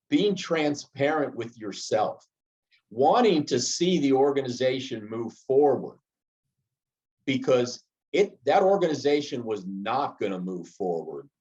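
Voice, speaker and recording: Man, leadership lesson, conversational storytelling, asks "right?", mid-pitched, dull audio. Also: a little mellow. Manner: conversational, frequent "right?" asides and restarts. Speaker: project management trainer. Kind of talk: instructional talk with personal anecdote.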